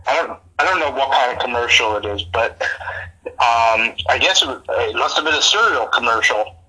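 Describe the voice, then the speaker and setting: A man's voice: mid-range voice, animated, normal speed, bright, forceful tone, husky, low-quality recording. A young man, a podcast host, chatting casually in an easygoing, laid-back way.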